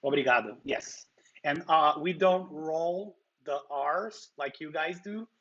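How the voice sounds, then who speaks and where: A man's voice: fairly high pitch, slow pace, a bit bright, muffled recording. Brazilian man chatting on a livestream. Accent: Brazilian Portuguese. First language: Portuguese. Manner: chatty, answers viewers' comments. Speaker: livestream host. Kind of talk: casual livestream chat.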